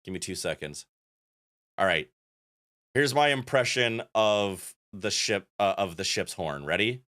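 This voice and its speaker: A man's voice: lowish voice, expressive, unhurried, sharp tone. A man streaming a game, chatting playfully with viewers and reading the game's text aloud. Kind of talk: casual gameplay commentary. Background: faint game music.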